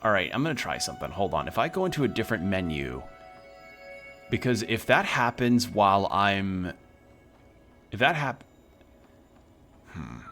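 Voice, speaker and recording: A man's voice: on the low side, sing-song, moderate pace, pauses often, fairly bright tone, faint music behind. A man streaming a video game, chatting casually and swearing freely as he plays. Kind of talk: casual gameplay commentary.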